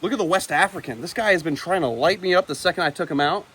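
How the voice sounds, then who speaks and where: Excitable man hosting a wildlife vlog. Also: high voice, fast, breathy edge. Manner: excitable, shouts at the animals. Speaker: reptile keeper and host. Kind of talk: casual vlog narration. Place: outdoor animal enclosures.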